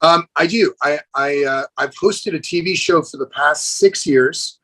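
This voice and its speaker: A middle-aged man with a fairly high, husky voice, talking fast and eagerly as a guest in a casual podcast chat. He tells his stories with plenty of energy and throws in "dude" often. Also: poor audio. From United States. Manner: enthusiastic, animated storyteller, says "dude". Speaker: guest, celebrity fitness trainer.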